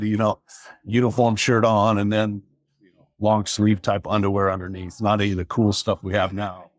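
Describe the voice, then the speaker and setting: A man with a somewhat low voice tells a police story in a relaxed, wry way. He livens up when he quotes the people in it. The sound is dry and close, with no room echo. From Seattle area. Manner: wry, animated when quoting others. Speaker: police officer telling a story. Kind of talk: casual storytelling.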